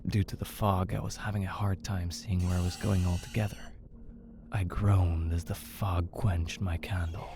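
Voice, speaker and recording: Man, very low voice, measured horror narration, faint music behind. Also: dark tone. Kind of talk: scripted horror story narration.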